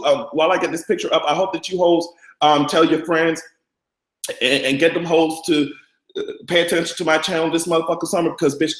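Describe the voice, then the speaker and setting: A man's voice: on the high side, reverberant, poor audio. A man hosting a live-stream gossip show, brash, profane and camp. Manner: brash, profane and camp, with loud cackling laughs. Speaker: vlogger host.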